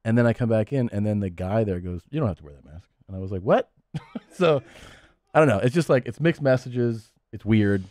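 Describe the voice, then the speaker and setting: Give me a relaxed male podcast host chatting, lowish voice, dry close sound. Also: moderate pace, dry recording. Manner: relaxed storytelling with fillers. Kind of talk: casual chat.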